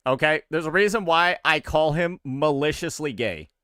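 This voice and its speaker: A man's voice: on the high side, normal speed, fairly bright tone, clean tone, dry recording, studio quality. A male streamer chatting casually to his viewers live, loose and repetitive, from the American South. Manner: loose and chatty, repeats himself.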